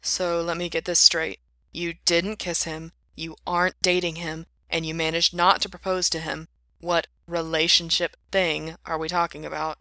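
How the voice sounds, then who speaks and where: A woman voicing a calm, matter-of-fact young man who teases his brother. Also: on the low side, moderate pace, dry recording, clean studio sound. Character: patient, dry-witted younger brother.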